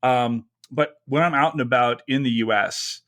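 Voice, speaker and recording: A man's voice: mid-range voice, normal speed, fairly bright tone. A man from Kentucky hosting a podcast, chatting casually in a rambling way and laughing often. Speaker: podcast host.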